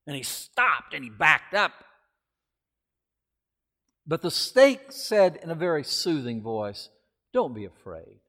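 Preacher in a long-echoing hall. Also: male voice, medium pitch, a bit bright. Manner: conversational, with asides and self-corrections. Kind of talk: sermon.

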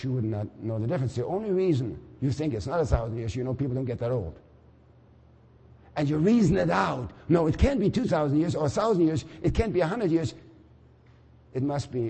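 Older male preacher, high lively delivery, long hall reverb. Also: breathy edge. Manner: animated, swings from quiet musing to shouting. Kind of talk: sermon.

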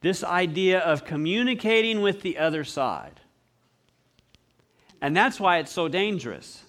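Guy preaching, high voice, tells stories and does little voices. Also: a little slow. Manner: animated storyteller acting out voices. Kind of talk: sermon.

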